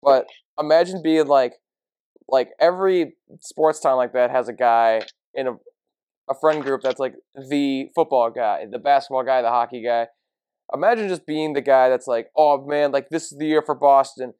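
A man's voice: mid-range voice, normal speed, darkish tone, clean tone, no echo. Laughing podcast co-host man, dry sound. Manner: laughing storyteller, many fillers. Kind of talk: casual sports chat.

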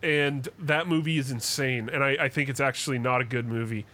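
A man's voice: medium pitch, steady tone, a little fast, pushed and bright. A young man co-hosting a podcast, ranting and swearing in casual chat, acting out quotes as he goes. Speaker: podcast co-host.

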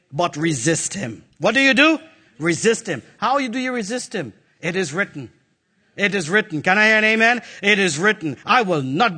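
Animated, bright-voiced male preacher. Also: high voice. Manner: animated, playful preaching with call-outs to the congregation. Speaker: pastor. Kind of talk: sermon. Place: church.

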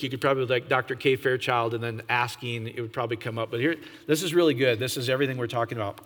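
A man preaching an informal sermon, animated, often jumping to a high, excited pitch and asking his listeners questions. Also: big-room sound. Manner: animated, jumps to high excited pitch, laughs, asks the audience.

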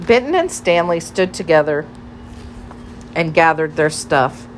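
A woman narrates a storybook in a gentle, measured way, slow and a bit low-pitched. A faint hiss of ambience sits under the voice. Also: lively intonation. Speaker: audiobook narrator.

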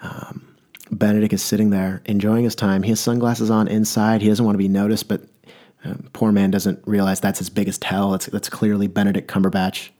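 A man rambles through a comic story, full of wry asides and shifting pace. His voice is low and mellow, and his delivery is relaxed and unhurried. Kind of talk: comedic monologue.

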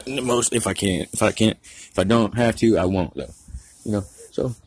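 A man's voice: fairly low pitch, moderate pace, breathy edge. A man from Georgia, rambling through a casual, profane story. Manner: rambling, heavy profanity, slangy.

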